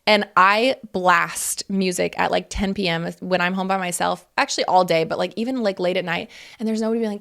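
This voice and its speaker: A woman's voice: on the low side, normal speed, gravelly. A woman in her thirties hosting a casual solo podcast, talking candidly and chattily, laughing often and swearing freely. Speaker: podcast host.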